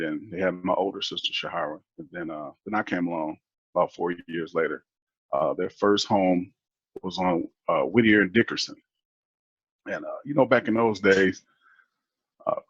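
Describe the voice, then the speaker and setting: A man from Detroit, a guest on a show, telling his family story in a relaxed, rambling way with fillers and restarts. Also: low voice, moderate pace, husky, dry recording, highs cut off. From Detroit, Michigan, USA. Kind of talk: casual storytelling.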